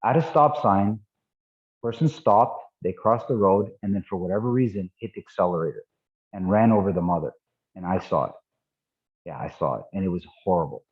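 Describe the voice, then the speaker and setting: A man in his fifties gives an online training talk with a somewhat low voice. He speaks conversationally, often repeating himself and checking in with the group. The sound is thin and phone-like, as if over a video call. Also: lively intonation, brisk. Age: 50s. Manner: conversational, repeats words, asks "right?". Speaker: martial arts instructor. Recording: tinny phone-like call audio.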